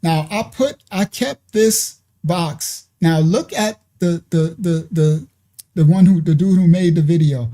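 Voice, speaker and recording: Mellow man musing to his viewers. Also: fairly high pitch, measured pace. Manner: musing aloud, asks viewers questions. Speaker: reaction video host. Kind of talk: casual reaction commentary.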